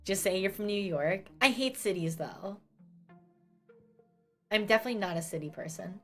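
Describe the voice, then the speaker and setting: A woman's voice: medium pitch, normal speed, soft background music. A young woman from New Jersey chatting casually as a streamer, ranting and swearing with self-mocking asides. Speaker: VTuber streamer.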